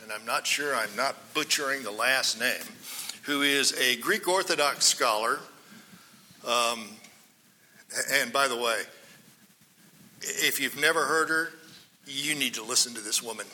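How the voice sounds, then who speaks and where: A man preaching a Bible-teaching sermon, acting out quoted cries loudly, then dropping to hushed asides. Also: medium pitch, measured pace, pauses often, slight background noise. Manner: dramatic, swings between loud quoted cries and hushed asides. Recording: long hall reverb.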